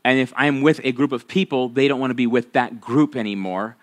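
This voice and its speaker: A man's voice: mid-range voice, a little fast. A man, a pastor, preaching a sermon in a conversational, folksy storytelling manner with frequent restarts.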